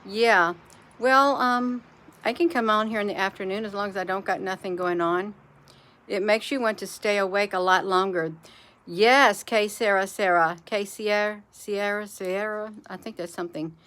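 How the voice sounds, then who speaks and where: A woman chats in a loose, rambling way on a live stream, turning to her viewers often. Her voice is bright and forward, sitting at an ordinary middle pitch. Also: fairly even intonation, normal speed. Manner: rambling, chatty, addresses viewers as "you all". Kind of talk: casual live-stream chat.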